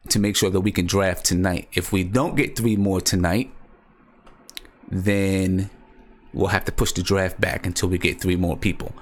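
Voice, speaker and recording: A young man hosting a casual fan live stream, talking excitedly, repeating himself and answering viewers in the chat. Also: low-pitched, normal speed.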